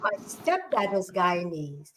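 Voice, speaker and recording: A woman's voice: on the low side, big pitch swings, slow, over a noisy crowd, rough recording. A woman panel guest in a casual chat, curious and explaining things.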